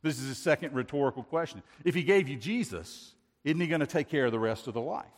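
A man's voice: medium pitch, expressive, fast talker. A man preaching a sermon as pastor, emphatic, with repeated rhetorical questions. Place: church sanctuary. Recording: reverberant hall.

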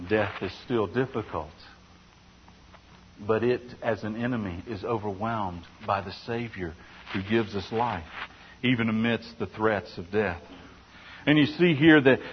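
Husky male preacher, earnest sermon, kinda muffled lo-fi sound, long echo like a big church. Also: fairly high pitch. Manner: earnest preaching with many restarts and rhetorical questions. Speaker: pastor. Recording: dull sound with long hall reverb.

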